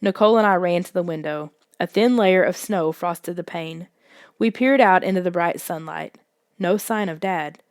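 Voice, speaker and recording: A woman narrating a children's suspense story in a soft, hushed audiobook reading. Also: on the low side, moderate pace, dry recording, clean studio sound.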